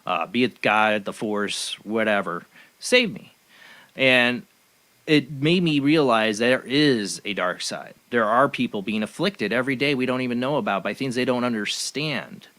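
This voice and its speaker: A man's voice: mid-range voice, lively intonation, unhurried, bright, forceful tone. Earnest talk-show host, a man. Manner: earnest, rambling, frequent fillers. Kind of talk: casual interview chat.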